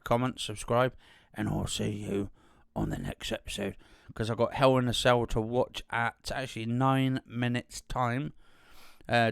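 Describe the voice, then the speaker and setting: A man's voice: medium pitch, fairly bright tone, clean tone, no room sound. A man vlogging to camera in a casual, rambling way, full of ums and restarts, into a studio condenser mic. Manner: rambling with frequent fillers and restarts. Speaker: youtuber. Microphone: studio condenser microphone.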